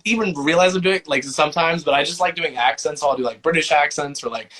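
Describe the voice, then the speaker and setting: A man's voice: a little high, quick pace, a bit bright. A young man, a voice actor and musician, talking in a laid-back, rambling way full of fillers during a casual interview.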